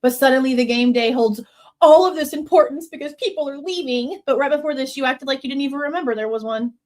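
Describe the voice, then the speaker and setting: A woman's voice: high-pitched, fast talker, darkish tone. A woman hosting a true crime reaction show, commenting on an interview transcript in a pointed, skeptical manner.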